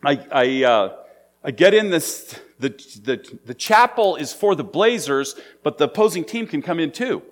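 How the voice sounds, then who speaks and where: A man's voice: on the high side, sing-song, moderate pace. A man preaching a sermon in a conversational, storytelling way. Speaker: pastor.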